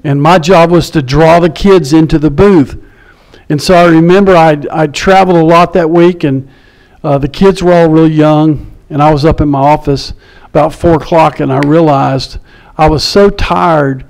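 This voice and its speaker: A male pastor telling a personal story in a sermon, conversational, dropping to a hush at quiet moments. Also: a little high, fairly even intonation, moderate pace.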